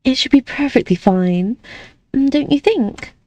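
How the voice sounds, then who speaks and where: A woman's voice: high-pitched, expressive, measured pace, dry recording, voice pushed up. Amelie, a woman doing a sweet sheltered young lady. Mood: pleading. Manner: gentle and trusting.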